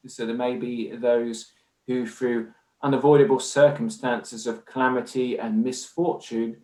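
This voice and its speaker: A man's voice: mid-range voice, darkish tone. A man with an English accent, a guest in a conversational interview, talking in an earnest, discursive way. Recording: roomy echo.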